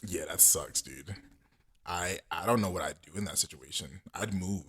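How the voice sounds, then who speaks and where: A man's voice: sits low, normal speed, a bit bright, breathy edge. A young man co-hosting a casual podcast, joking and laughing a lot, peppered with "like" and "yo.". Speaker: podcast co-host.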